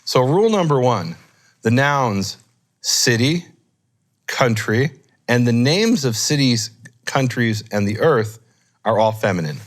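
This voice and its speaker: A man explaining grammar in a relaxed teaching discussion, thinking aloud and correcting himself as he goes. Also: medium pitch, a little slow, long pauses. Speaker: Hebrew scholar teaching.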